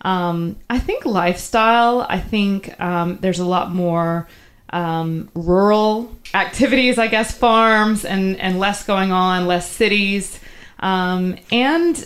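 A woman's voice: mid-range voice, slow pace, fairly bright tone. A woman in her thirties from the Southern United States, with a faint Southern accent, chatting as a guest in an interview, with many fillers and restarts. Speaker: guest journalist. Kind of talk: casual interview chat.

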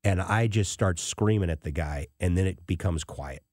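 A man hosting a radio talk show, telling a story in an emphatic, animated way. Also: deep voice, normal speed, no echo, studio quality.

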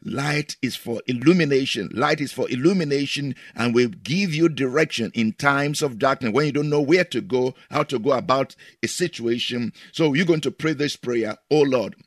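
A man's voice: medium pitch, moderate pace, few pauses, dry recording, clean studio sound. A man preaching as a pastor, repeating each line with emphasis and leading the listener through prayers. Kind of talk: prayer sermon.

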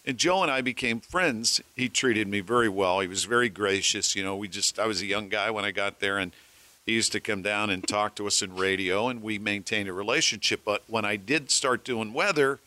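A man, a former weatherman and radio host, telling lively anecdotes to colleagues and acting out the voices of the people in them. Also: on the low side, fairly quick, no room sound. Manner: animated storyteller acting out voices. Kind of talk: anecdotal storytelling among colleagues.

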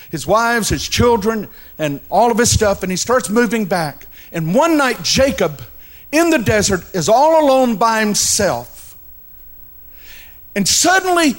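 A man's voice: very high-pitched, fairly bright tone. A male pastor preaching a sermon, telling a story dramatically and addressing the congregation directly.

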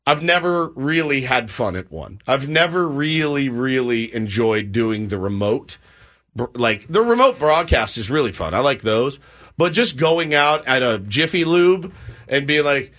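A man's voice: medium pitch, moderate pace. A man hosting a morning sports radio show, telling a story in a casual chat and acting out the voices of the people in it. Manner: animated storyteller acting out quotes. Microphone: studio microphone.

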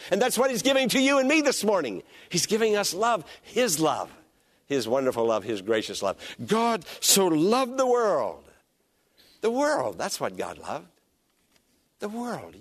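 A man preaching a sermon as pastor, emphatic, rising to loud peaks and dropping to hushed lines, leading the congregation in call and response. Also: a little high.

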